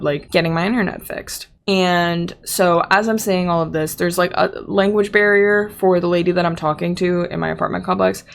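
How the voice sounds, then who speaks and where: Young woman, casual podcast storyteller, slight gravel in the voice, chatty and full of fillers. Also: lowish voice, a little hiss or hum. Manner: chatty, lots of "like" fillers, quotes others in her own voice. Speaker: podcast host.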